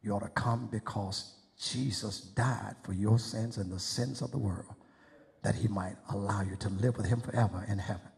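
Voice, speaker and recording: A man's voice: fairly low pitch, fairly even intonation, moderate pace, creaky. A preacher man giving an impassioned, pleading sermon invitation in a church sanctuary. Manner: impassioned, pleading, rising to shouts. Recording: echoey church hall.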